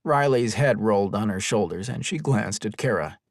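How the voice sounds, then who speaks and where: A man reading an audiobook as narrator, with expressive storytelling. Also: on the low side, moderate pace, no echo, studio quality. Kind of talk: scripted narration.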